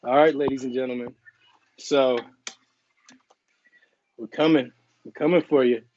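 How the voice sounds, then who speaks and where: A man's voice: mid-range voice, fairly even intonation, a little slow, darkish tone, a little hiss or hum. A man hosting a live cooking stream, chatting casually, tasting on camera and playfully apologizing to viewers. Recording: dry, dull lo-fi live stream audio.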